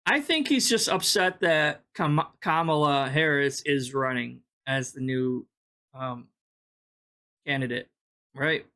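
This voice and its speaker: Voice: medium pitch, takes it slowly, sharp tone. A reaction-channel host giving casual, exasperated, sarcastic commentary with heavy swearing.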